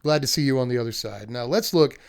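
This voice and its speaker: A man's voice: mid-range voice, fast, clear, resonant tone. A young man casually reviewing trading cards, chatty and laughing often, with lots of filler words and asides. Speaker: card game video host. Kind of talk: casual card review commentary.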